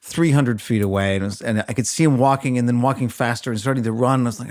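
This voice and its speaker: A man co-hosting a podcast tells a casual story with brisk timing. His mid-range voice is recorded close and dry, with no room behind it. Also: mid-range voice, a little mellow, dry recording. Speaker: podcast co-host. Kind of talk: casual anecdote-telling.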